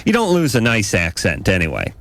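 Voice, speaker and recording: A man's voice: fairly low pitch, wildly swooping pitch, fairly quick, a bit bright, dry recording. American male radio host, sarcastic riffing, voice swooping up and down. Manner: wisecracking, mock-indignant rants. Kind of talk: late-night call-in radio banter.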